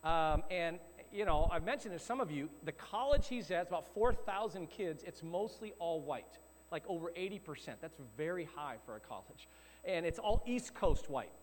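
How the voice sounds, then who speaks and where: A middle-aged pastor preaches in a relaxed, storytelling manner, his voice sitting fairly high for a man. The sound carries a long reverb from the church hall. A faint hum lies underneath. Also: normal speed. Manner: conversational storytelling, animated. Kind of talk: sermon.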